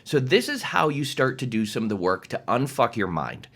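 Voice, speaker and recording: A man's voice: medium pitch, sing-song, normal speed, a bit bright. A man giving a direct-to-camera motivational talk as a coach, emphatic and passionate, swearing freely.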